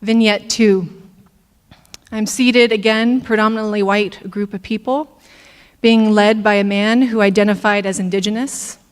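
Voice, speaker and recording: Brief: female intern minister, measured sermon delivery, unhurried, sanctuary reverb. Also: medium pitch, steady tone, clear, resonant tone. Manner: slow, deliberate, reflective preaching with pauses. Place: church sanctuary.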